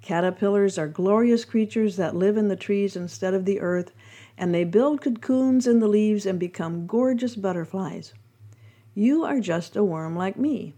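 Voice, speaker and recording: Woman doing a stubborn little boy caterpillar from a storybook, kinda indignant, mellow voice. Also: medium pitch, moderate pace, natural voice. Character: timid male caterpillar who thinks he is a worm. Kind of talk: storybook reading.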